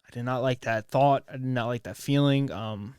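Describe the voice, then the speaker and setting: A man from the United States hosts a solo podcast from his home, in a casual monologue that keeps stopping and restarting as he works through heavy feelings. He swears freely. His pitch sits in the middle of the range, and the sound is dry and close, with almost no room echo. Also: a little mellow, smooth. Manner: halting, emotional, swears often, many restarts. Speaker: podcast host. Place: at home, near his bed.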